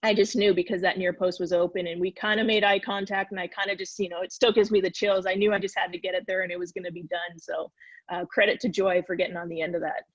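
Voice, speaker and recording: A woman's voice: lowish voice, fast talker, no echo, highs cut off. A woman from California, a former soccer player and guest in a video-call Q&A, telling stories casually and acting out quoted dialogue. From California, USA. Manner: lively storyteller who acts out quoted dialogue.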